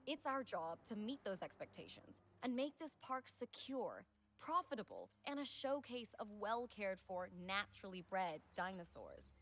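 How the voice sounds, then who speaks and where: An actress playing a driven, demanding female corporate executive in a video game, crisp and businesslike. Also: mid-range voice, big pitch swings, moderate pace, a bit bright, a little hiss or hum. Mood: firm.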